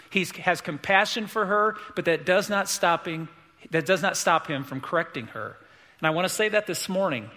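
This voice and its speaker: A man delivers an earnest, emphatic sermon, circling back to repeat his main points. His voice sits slightly high and sounds very bright. It rings in a church sanctuary with long reverb. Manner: earnest, emphatic preaching with repetition. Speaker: pastor.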